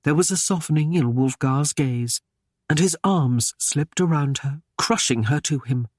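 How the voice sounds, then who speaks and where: Slow, measured male audiobook narrator. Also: fairly high pitch, no room sound, studio quality. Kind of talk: scripted narration.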